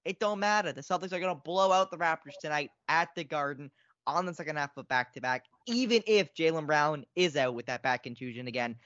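A man co-hosting a casual sports podcast. He is excitable and repeats himself, and his pitch jumps a lot. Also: brisk, no echo. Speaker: podcast co-host. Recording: dry, dull lo-fi sound.

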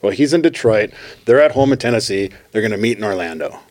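A man's voice: on the low side, fast talker, dry recording. A man co-hosting a podcast, casually retelling comedy bits and acting out the quotes. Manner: animated storyteller acting out quotes, repeats "right". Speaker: podcast co-host.

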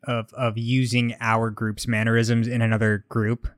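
A man's voice: mid-range voice, monotone, moderate pace, no room sound, studio quality. A young man co-hosting a podcast, telling a casual story in an easygoing way. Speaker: podcast co-host. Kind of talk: casual chat.

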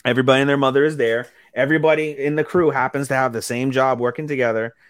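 A man's voice: medium pitch, dry recording. Casual man recapping, dry close mic. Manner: animated recapping, acting out characters' lines in quick put-on voices, swears freely. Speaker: podcast co-host. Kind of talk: casual chat.

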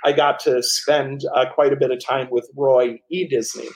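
A man telling animated stories as the author and guest in a casual interview, with many restarts. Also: medium pitch, normal speed, poor audio.

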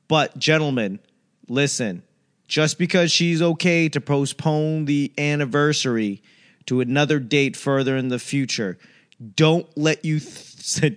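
A young man hosting a podcast, talking in a rambling, joking, casual monologue with some swearing. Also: mid-range voice.

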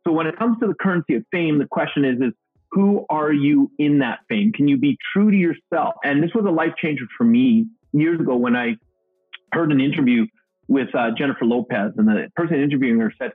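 A middle-aged man with a slightly raised, husky voice tells upbeat stories as a guest speaker. His sound is dry and thin, like a phone-quality remote call, with faint music underneath. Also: on the high side, lively intonation, a little fast, dry recording. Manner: upbeat, self-described goofball, acts out quotes. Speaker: guest, motivational speaker and trainer. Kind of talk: energetic storytelling interview answer.

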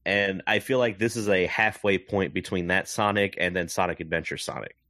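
A man with a very deep voice joins the podcast as co-host. He talks in halting casual chat and often corrects himself mid-sentence. The sound is dry and close. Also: steady tone, sharp tone, no echo.

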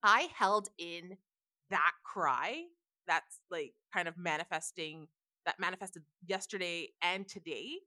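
A woman's voice: lowish voice, slow, sharp tone, no room sound, studio quality. A woman co-hosting a podcast, talking candidly and emphatically in casual chat. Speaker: podcast co-host.

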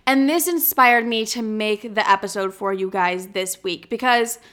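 A woman's voice: medium pitch, moderate pace, a bit bright. A young woman hosting her own podcast, talking alone in a brash, profane, self-mocking way. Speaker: podcast host. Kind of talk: casual solo podcast monologue.

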